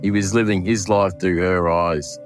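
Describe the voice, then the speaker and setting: An Australian butcher, emotional in an interview, recalls a coworker who has died, restarting haltingly and acting out bits of dialogue. His male voice sits low and stays steady, with music playing behind him.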